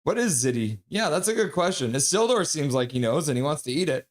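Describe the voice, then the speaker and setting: A middle-aged man hosts a casual hockey pregame stream. He chats with an upbeat, friendly manner as he greets viewers one by one. His voice sits a little higher than most men's. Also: very animated, a little fast. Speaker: livestream host reading chat.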